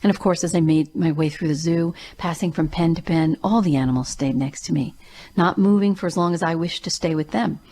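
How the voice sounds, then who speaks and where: Speaking briskly in a low, warm voice, a show host who works as a grief coach shares a personal story. Her delivery is earnest and emphatic.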